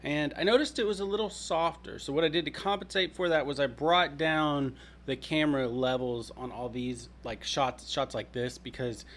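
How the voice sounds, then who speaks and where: A man's voice: a little high, moderate pace, few pauses. Chatty man vlogging on a camera. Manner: chatty and relaxed, laughs easily. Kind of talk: casual vlog chat. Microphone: built-in action camera mic. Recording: noisy outdoor action-camera audio.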